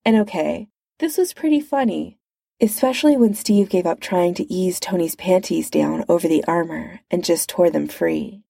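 A woman narrating a fan-fiction story aloud in a slow, even storytelling manner. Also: lowish voice, vocal fry, dry recording, studio quality.

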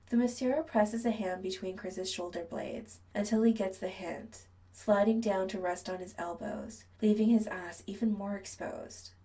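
Gravelly, hushed woman narrator. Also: medium pitch, far from the mic, low-quality recording. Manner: soft, hushed reading that often drops to a whisper. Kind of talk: scripted narration.

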